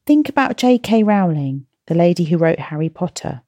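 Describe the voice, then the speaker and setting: Lady host talking to kids, bit low voice, sounds kinda self-mocking and encouraging. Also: big pitch swings, normal speed, dry recording, studio quality. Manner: chatty, gently self-mocking, warm encouragement. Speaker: podcast host and coach for children. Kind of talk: encouraging talk to children. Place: at home, in slippers.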